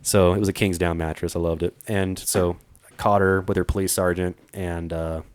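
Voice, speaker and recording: A man from Arizona, a treasure hunter guest, telling a story in a casual, animated way and acting out what people said. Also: sits low, normal speed, clean tone, dry recording. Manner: animated, acts out quoted dialogue, frequent fillers.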